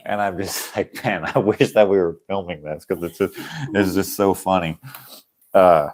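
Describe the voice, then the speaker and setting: A man's voice: sits low, steady tone, moderate pace, a little mellow. A young man hosting a casual livestream, rambling and chuckling as he acts out the people in his stories. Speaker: channel host.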